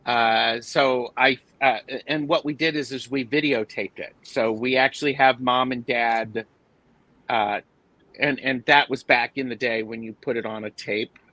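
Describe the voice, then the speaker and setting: A man's voice: mid-range voice, steady tone, measured pace, bright, forceful tone, no echo, low-quality recording. A man chatting casually, responding with encouraging remarks and telling about his big family. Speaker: guest tarot reader. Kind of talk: casual chat.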